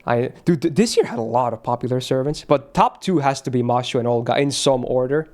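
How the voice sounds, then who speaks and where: A young man streaming a game, chatting casually in a rambling, excitable way and swearing freely. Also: mid-range voice, fairly quick.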